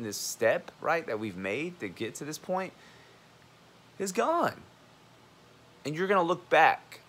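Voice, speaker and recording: A man's voice: lowish voice, bright, forceful tone, slight background noise. A man in his twenties, a college student, talking straight to camera in a heated, rambling, profane monologue. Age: 20s.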